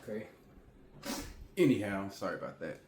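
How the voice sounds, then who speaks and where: A man's voice: fairly low pitch, sing-song, moderate pace, noisy background. A man in his forties telling a story to the camera at home in a chatty way, repeating himself and talking straight to the viewers. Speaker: vlogger. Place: indoors at home. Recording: echoey room.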